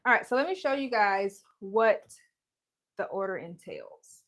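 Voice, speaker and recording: Her mid-range voice is expressive and fairly bright, and she talks a little slowly. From home, she runs a casual embroidery livestream full of jokes and chatter, often laughing and saying hello to viewers by name over a streaming mic.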